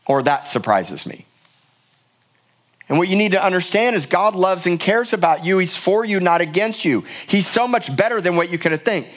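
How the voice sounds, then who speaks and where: A middle-aged male pastor preaching a sermon in a church, emphatic and passionate, often repeating words for force. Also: sits high. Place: church sanctuary.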